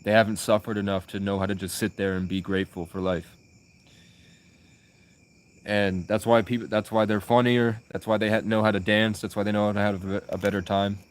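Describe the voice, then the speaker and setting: A young man telling his own stories in a loose, rambling flow, with frequent restarts and plenty of swearing. His voice sits on the lower side and has an unguarded, conversational feel. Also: flat delivery, brisk, smooth. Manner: rambling, profane, with many restarts. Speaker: vlogger. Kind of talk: casual personal storytelling.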